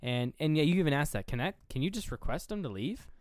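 Animated man recapping a movie, smooth voice. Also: fairly high pitch, fast talker, no echo, clean studio sound. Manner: animated retelling, acting out characters' lines; swears casually. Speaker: podcast co-host. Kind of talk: casual movie recap chat.

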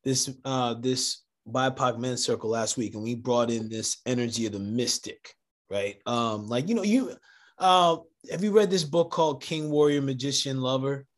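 A man hosts a podcast interview in a middle-pitched voice. He talks loosely and enthusiastically, full of fillers and restarts as he builds toward his questions. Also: normal speed. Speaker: podcast host.

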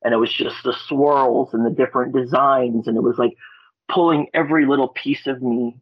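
A man from Alaska, a guest on a podcast, telling a story in a rambling, excitable way, swearing and restarting his words. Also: medium pitch, moderate pace, slightly rough, no room sound. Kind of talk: casual storytelling. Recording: dry, dull lo-fi audio.

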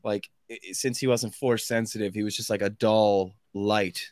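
A man's voice: on the low side, fairly even intonation, normal speed, darkish tone, no room sound, clean studio sound. A man talking in a casual podcast chat, rambling with lots of fillers and restarts.

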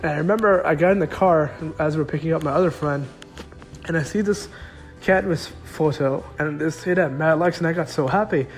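A man's voice: on the high side, brisk, faint music behind. A young man telling a personal story in a casual, rambling way, full of filler words.

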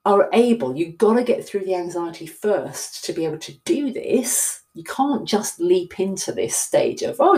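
A middle-aged woman with a southern English accent talks to camera like a coach catching up with her followers. Her voice sits a little low and sounds mellow and relaxed. She rambles and pokes fun at herself as she goes. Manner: chatty, rambling, self-deprecating. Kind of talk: casual talk to camera.

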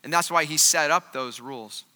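A man's voice: a little high, moderate pace, pushed and bright, in a large hall. A man preaching a sermon in a casual, joking, conversational way, full of fillers. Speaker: pastor.

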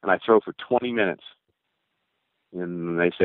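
An older man with a fairly low voice recounts his pitching days in a loose, rambling way. He restarts his sentences and slips into other people's voices as he quotes them. The sound is narrow and phone-like, close and completely dry. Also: moderate pace, dry recording. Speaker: former baseball pitcher. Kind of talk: casual spoken storytelling.

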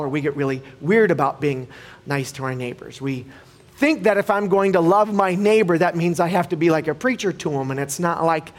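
Casual storytelling male pastor, slightly high voice. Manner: casual, anecdotal storytelling with frequent restarts; animated when telling stories. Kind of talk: conversational sermon.

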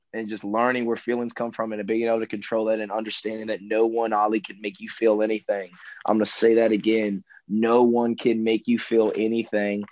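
A man's voice: lowish voice, darkish tone, muffled recording. A man talking in a laid-back way, who keeps saying "man" and "bro" and repeats himself. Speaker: guest. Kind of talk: casual conversation.

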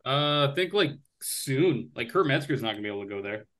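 A man co-hosting a casual comedy podcast, dry and deadpan. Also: mid-range voice, fairly quick. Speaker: co-host, comedian. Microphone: remote call.

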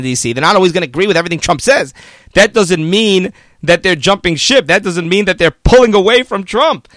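Male political commentator, high voice, argumentative, casual, dry close recording. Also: dry recording. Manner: animated, argumentative, mocking the media in quoted voices.

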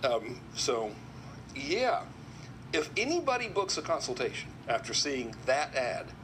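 A man telling a story to his viewers in a casual, animated monologue, often quoting others. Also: mid-range voice, a little slow, noisy background. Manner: animated storyteller, quotes people in put-on voices. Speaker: video commentator.

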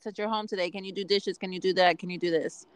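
A young woman co-hosting a podcast, blunt and quick to swear, getting worked up in casual chat. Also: on the low side, steady tone, no room sound. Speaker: podcast co-host.

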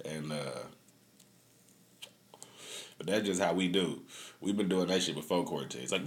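A man's voice: deep voice, expressive, brisk, long pauses. A man hosting a podcast in casual chat, a loose, profane storyteller who laughs often. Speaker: podcast host.

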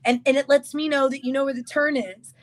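A woman's voice: high voice, steady tone, a little fast, rough recording. A woman guest in a casual podcast chat, giggling a lot as she tells stories about her partner. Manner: giggly, chatty storytelling.

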